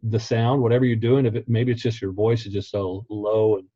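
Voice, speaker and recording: A man's voice: lowish voice, level tone, brisk, mellow, no room sound. Laid-back man on a muffled line. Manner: laid-back, laughs often while talking. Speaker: interview guest. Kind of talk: casual interview chat. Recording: dull, muffled recording.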